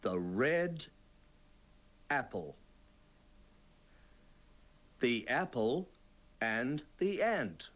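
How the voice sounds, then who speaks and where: A man presenting a children's TV reading lesson, speaking slowly and clearly in an encouraging, sing-song way. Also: mid-range voice, very animated, a bit bright.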